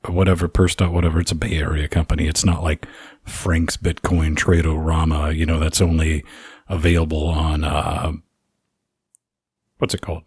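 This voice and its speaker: A man with a very low, husky voice co-hosts a casual podcast, drifting through jokes and restarting his sentences. The sound is dry and close, with no room around it. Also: level tone, normal speed, darkish tone, dry recording. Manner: rambling, jokey, many restarts. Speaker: podcast co-host.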